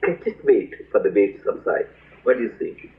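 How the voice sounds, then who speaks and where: A man teaching as a spiritual leader, telling stories in an animated way, acting out voices and laughing often, on a tinny lo-fi archive recording. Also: fairly low pitch, fairly quick. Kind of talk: spiritual talk with storytelling.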